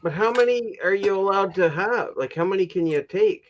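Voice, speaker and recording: A man's voice: high voice, lively intonation, normal speed. A man from Canada hosting a casual livestream chat, telling rambling stories full of fillers and restarts and laughing at his own stories. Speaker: livestream host.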